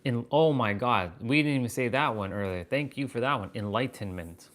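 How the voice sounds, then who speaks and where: A man hosting a livestream, musing aloud in halting, wondering phrases with bursts of excited swearing. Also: medium pitch. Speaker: fitness and wisdom livestream host. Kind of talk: live stream musing.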